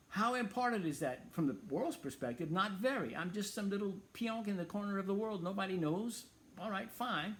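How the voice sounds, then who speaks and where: A man's voice: sits high, a bit bright. A man hosting a Christian talk show, speaking earnestly and emphatically as he reasons aloud.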